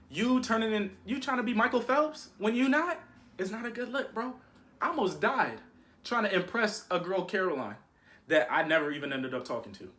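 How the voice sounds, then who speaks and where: Young guy telling a story, slangy and animated, bright tense voice, kinda high. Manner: slangy, animated, keeps saying "you feel me". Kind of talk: casual storytime monologue.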